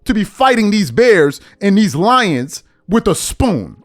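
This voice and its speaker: A man's voice: takes it slowly, few pauses. A man hosting a podcast, giving opinionated commentary on sports and politics with sarcastic asides and mock quotes. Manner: animated, sarcastic, mock-quoting others in a lowered voice. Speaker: podcast host.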